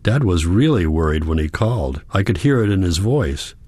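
A man's voice: deep voice, animated, moderate pace, darkish tone, husky, no room sound, studio quality. A man reading the part of an anxious, caring young granddaughter, speaking earnestly. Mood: worried. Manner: earnest, worried pleading.

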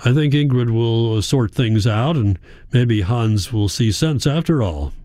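A man voicing an older man friend, gruff and calm, with a measured, plain way of speaking. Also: medium pitch, no room sound, clean studio sound, lightly acted. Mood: concerned.

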